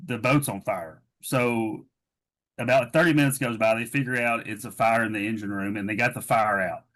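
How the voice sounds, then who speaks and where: A man's voice: fairly low pitch, fairly even intonation, fairly quick, a bit bright. A man co-hosting a podcast, retelling a story in casual, rambling chat full of fillers. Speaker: podcast co-host.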